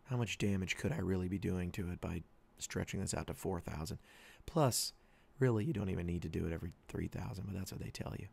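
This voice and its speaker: A man in his thirties hosting a podcast, telling a rambling story and quoting his wife in a higher, louder voice. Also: quick pace, creaky, husky. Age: 30s. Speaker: podcast host. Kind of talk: casual monologue.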